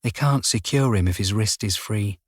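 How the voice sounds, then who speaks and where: A man voicing a calm female nurse who talks in a matter-of-fact way. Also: lowish voice, moderate pace, husky, dry recording, clean studio sound. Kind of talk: audiobook character voice.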